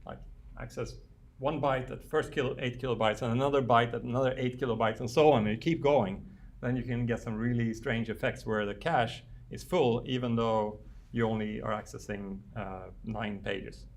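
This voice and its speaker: Male lecturer, medium pitch, gravelly voice, halting classroom delivery full of ums and restarts. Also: fairly even intonation. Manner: thinks aloud with frequent fillers and restarts. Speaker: university lecturer. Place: lecture room.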